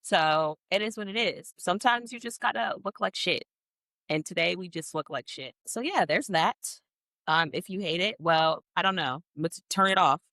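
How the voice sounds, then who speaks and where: A woman's voice: on the low side, normal speed, pushed and bright, dry recording. A woman in her twenties hosting a solo podcast, chatting in a rambling, self-mocking way into a podcast mic. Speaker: podcast host. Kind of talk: casual solo podcast chat. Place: podcast studio, on camera.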